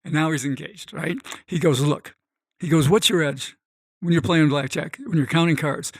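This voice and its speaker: A middle-aged man, a guest on a podcast, telling a story in an animated way and acting out the voices of the people in it. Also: a little high, normal speed, no echo. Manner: animated, acts out quoted voices. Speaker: guest, gambling expert. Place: podcast studio.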